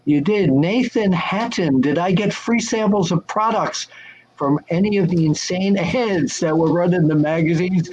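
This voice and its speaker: An older man telling wrestling-magazine stories on a video call, lively and acting out the voices of people he quotes. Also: high-pitched, unhurried, breathy edge, poor audio. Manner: animated, acts out quoted voices. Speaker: guest answering fan questions. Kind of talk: casual storytelling chat.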